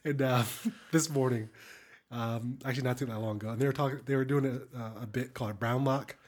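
A man's voice: medium pitch, brisk. A man co-hosting a podcast, chatting casually, rambling and laughing through his stories. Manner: giggly, rambling, animated. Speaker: podcast co-host. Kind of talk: casual chat.

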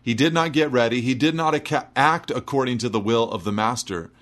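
Male preacher, medium-pitched voice, emphatic expository sermon. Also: brisk, fairly bright tone.

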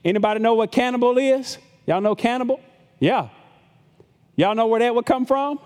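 A man's voice: very high-pitched, normal speed, darkish tone, long reverb tail. A middle-aged man pastor preaching a conversational sermon to his congregation, repeating words and acting out the voices of critics. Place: church sanctuary with long reverb.

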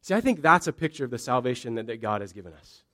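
Pastor preaching an emphatic sermon. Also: male voice, medium pitch, big pitch swings, quick pace, pushed and bright. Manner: storytelling with emphatic repeated phrases. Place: church.

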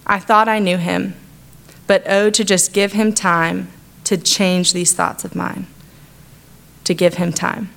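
A woman's voice: on the low side, flat delivery, takes it slowly, creaky, pauses often, a bit bright. A young adult woman giving a heartfelt personal testimony to her church, talking in an earnest, conversational way. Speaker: church speaker sharing a testimony.

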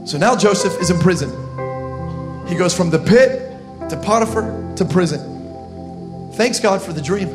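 Brief: energetic male pastor, high-pitched, comic storytelling sermon. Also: normal speed, pauses often, over music. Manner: animated, humorous storytelling with slang.

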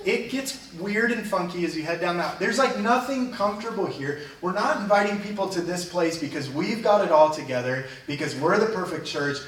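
A man's voice: high-pitched, lively intonation, fairly quick, hardly any pauses, a bit bright, echoey room, distant mic, low-quality recording. A man preaching a sermon as a pastor in a church, earnest and conversational, talking plainly to his congregation. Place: church sanctuary.

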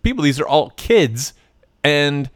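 A man's voice: on the high side, big pitch swings, a little slow, dry recording, clean studio sound. A man co-hosting a podcast, casually picking apart a film with wry teasing and mock-voiced quotes. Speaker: podcast co-host. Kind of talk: casual movie-review chat.

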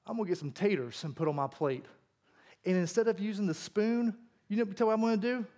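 A man's voice: high voice, a little fast, mellow, lightly acted. A man doing a cheeky, unbothered dinner guest. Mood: teasing. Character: calm, cheeky grown man defying dinner rules.

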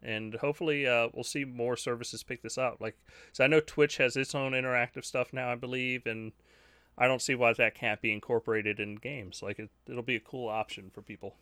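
A man's voice: medium pitch, steady tone, fairly quick, pushed and bright, dry recording. A man co-hosting a gaming podcast, chatting in an easygoing, rambling way. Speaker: podcast co-host. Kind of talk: casual chat.

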